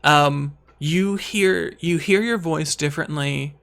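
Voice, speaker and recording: A man hosting a casual chat, who talks haltingly and often repeats words as he starts a sentence. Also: a little high, gravelly, fairly bright tone. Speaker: podcast host.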